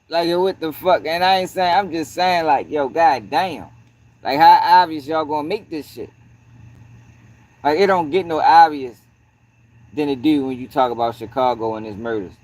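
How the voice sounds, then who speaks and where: Profane, slightly high-voiced male streamer. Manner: profane, peppers talk with "yo"; greets chat between points. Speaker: livestream host. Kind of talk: casual livestream commentary.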